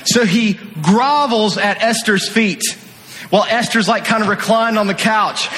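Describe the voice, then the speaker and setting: An energetic male preacher tells a story to his congregation with a playful, lively delivery. His high, bright voice carries through a long, echoing hall. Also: unhurried. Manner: energetic, playful, acts out scenes. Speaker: youth pastor. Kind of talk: animated sermon storytelling. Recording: echoey hall.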